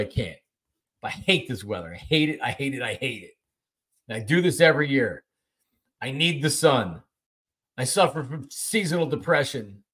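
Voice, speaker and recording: Rambling middle-aged sports talk host. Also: male voice, mid-range voice, a bit bright. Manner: rambling, complaining, swears casually. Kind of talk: casual sports talk chat.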